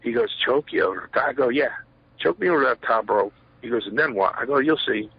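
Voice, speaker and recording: A man's voice: medium pitch, brisk, gravelly, slightly rough, no room sound. A middle-aged man, a former pro wrestler, telling stories in a rambling interview, full of fillers and acted-out quotes. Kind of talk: shoot interview storytelling. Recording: dull lo-fi sound, dry.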